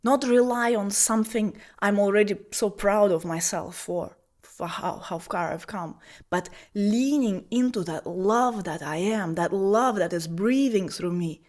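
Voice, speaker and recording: A woman in the middle of a video-call talk, telling her own story as a spiritual teacher. She moves between hushed, breathy asides and bright, emphatic lines, at an ordinary pitch for a woman. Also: a little slow. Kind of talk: personal storytelling talk on feminine energy.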